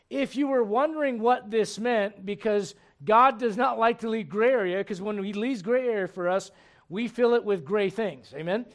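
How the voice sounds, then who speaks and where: Gravelly-voiced man preaching a sermon. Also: high-pitched, normal speed. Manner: preacherly, builds from quiet to emphatic. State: gravelly, congested voice. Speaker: pastor.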